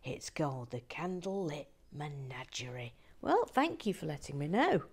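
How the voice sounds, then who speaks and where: A woman chatting casually to a live stream as she builds a kit, often dropping to a soft whisper and muttering to herself. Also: sits low, huge pitch swings, moderate pace, breathy edge. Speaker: streamer building a brick kit and reading chat.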